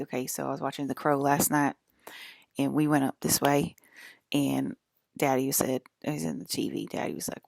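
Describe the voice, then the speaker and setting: Low, gravelly-voiced woman rambling. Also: steady tone, moderate pace, no echo, clean studio sound. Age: 40s. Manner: rambling, filler-heavy, keeps asking "okay?". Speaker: channel host. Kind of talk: casual rambling monologue.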